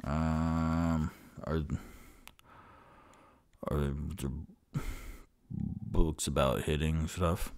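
Brief: man putting on a low, grunting dwarf brawler, dim and blunt, tabletop game. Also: flat delivery, a little mellow, clear, resonant tone, heavily acted. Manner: slow, grunting, hesitant. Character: male dwarf fighter, blunt, simple-minded.

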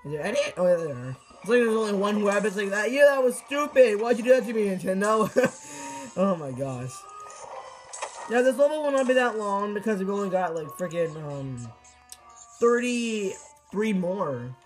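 A high-pitched teenage boy talks through a game in loose, casual commentary, tripping over his words and breaking into sudden exclamations. Faint game music plays softly behind him. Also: moderate pace, low-quality recording. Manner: excitable, rambling, frequent restarts and exclamations. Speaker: gameplay commentator.

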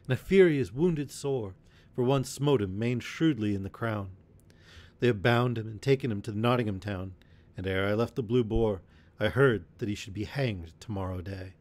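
A frightened young woman gasps out urgent bad news, as a male reader puts her on. The voice stays low for a girl, in plain storybook fashion. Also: moderate pace, darkish tone, close to an everyday voice. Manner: panting, urgent. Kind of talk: storybook reading.

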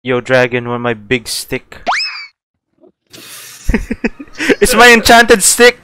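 A young man playing a video game with friends, excitable and quick to laugh and yell. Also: mid-range voice, background noise. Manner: excitable, laughs a lot, shouts. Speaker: gamer. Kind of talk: casual gameplay chat.

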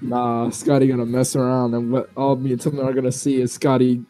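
A man's voice: medium pitch, completely flat delivery, a little fast, mellow, faint music behind. A young man teasing his friends with crude jokes in casual stream chat.

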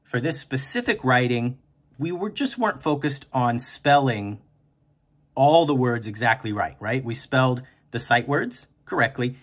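A man hosting a kindergarten writing lesson, speaking slowly and encouragingly and stretching words out aloud. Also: medium pitch, lively intonation. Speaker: teacher and podcast host.

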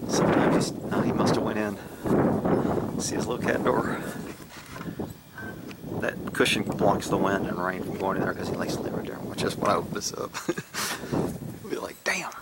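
A man chatting casually in an outdoor vlog, laughing often and scolding his pets in a high sing-song voice. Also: fairly even intonation, moderate pace, long pauses, very noisy. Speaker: horse and pet owner vlogger.

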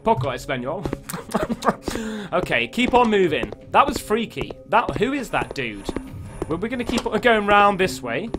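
Lively man over game music. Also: high-pitched, unhurried. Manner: jumpy, swearing, talking to himself. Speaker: gaming YouTuber. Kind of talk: horror game let's play commentary. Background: spooky game music.

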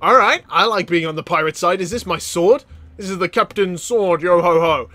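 A man giving excitable gameplay commentary as a channel host, laughing often and breaking into loud exclamations. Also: sits high, moderate pace, dry recording.

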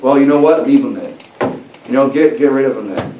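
A male pastor preaches briskly and animatedly in a church sanctuary, medium-pitched, emphatic and conversational, with many restarts. The microphone sits at a distance in the echoey room, and a faint hiss is audible.

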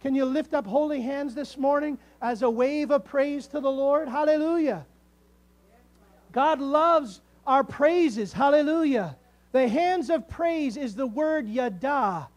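A man with a high-pitched voice preaches a sermon to his congregation. He builds to emphatic calls and stretches key words out slowly for weight. The delivery is that of a pastor speaking from the pulpit.

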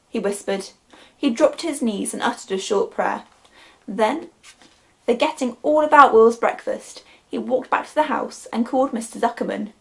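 A woman teacher reading a children's book aloud to her class, expressive and storytelling. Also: on the high side, normal speed, gravelly. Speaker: primary school teacher.

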